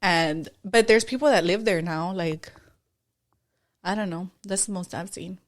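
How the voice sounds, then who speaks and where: A woman's voice: on the low side, unhurried. Slangy young woman in casual chat. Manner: slangy, says "dude" a lot. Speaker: podcast co-host.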